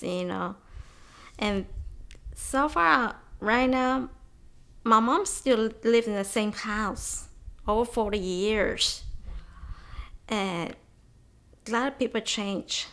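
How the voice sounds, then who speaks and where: Woman interviewee who talks slowly, joking and chatty, with Spanish words mixed in. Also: a little high, fairly bright tone, clear, resonant tone. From North Side of Houston, USA. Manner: chatty, humorous, mixes in Spanish phrases. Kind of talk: personal oral-history account.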